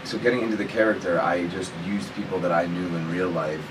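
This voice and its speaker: Laid-back deep-voiced man in a noisy room. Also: quick pace, far from the mic. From Chicago. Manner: animated, rambling storyteller with playful asides. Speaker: actor guest. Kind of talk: casual radio interview chat.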